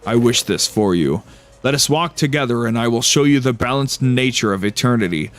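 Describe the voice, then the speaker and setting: A man voicing a serene, genderless cosmic being of light that turns squeaky and panicked when hurt, as he reads a story aloud. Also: animated, fairly bright tone, lightly acted. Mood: solemn. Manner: solemn and slow, then squeaky and panicked in pain.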